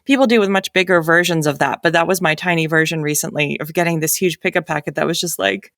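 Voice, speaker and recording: A woman's voice: on the low side, fast, fairly bright tone, no echo, clean studio sound. Chatty woman with a light New England accent. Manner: chatty, laughs often, many fillers. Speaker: audiobook narrator. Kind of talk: casual panel chat.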